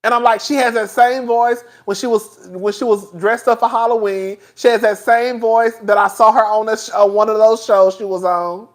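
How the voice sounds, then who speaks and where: A man's voice: high voice, normal speed, few pauses. Sassy, laughing male host. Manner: animated and sassy, laughs often, says "girl" a lot. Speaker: host of a talk stream. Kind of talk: casual commentary chat.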